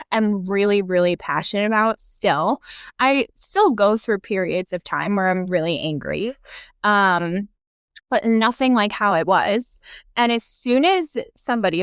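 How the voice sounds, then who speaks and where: Young woman podcast guest, slow frank talk, laughs a lot, dry close mic. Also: medium pitch, smooth, no room sound. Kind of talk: casual conversation about grief.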